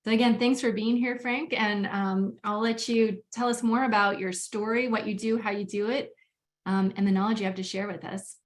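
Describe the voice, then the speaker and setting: A woman's voice: mid-range voice, fairly even intonation, normal speed. Chatty woman hosting a webinar. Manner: chatty, friendly, frequent "um" fillers. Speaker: webinar host.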